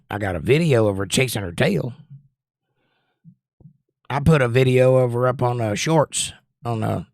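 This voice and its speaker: A man's voice: medium pitch, dry recording. Guy hosting a chill livestream, rambles and reads chat, dry voice no room sound. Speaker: livestream host. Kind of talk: casual chat reading viewer comments.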